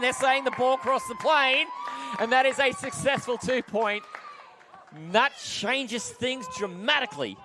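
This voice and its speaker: An Australian man calls the action play by play, his voice sitting very high and sounding bright and forceful. He builds quickly and breaks into shouts when the scoring plays land. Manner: excitable, rising to shouts on big plays. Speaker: play-by-play commentator. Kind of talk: sports play-by-play commentary.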